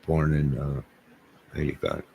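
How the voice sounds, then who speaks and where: A deep-voiced man hosting a livestream, trading jokes with his chat in a mock-offended tone. He talks slowly and lets each line drag out, as if playing up his outrage for viewers. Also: big pitch swings, vocal fry, husky, lo-fi sound. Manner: mock-indignant joking, talking back to chat.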